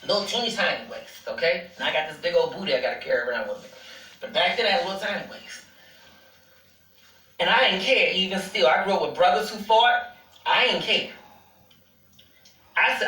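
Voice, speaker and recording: Brief: woman host, sassy casual storyteller, bright forceful voice, roomy off-mic recording. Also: mid-range voice, a little fast, long pauses, distant mic. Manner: sassy, calls listeners honey, swears freely.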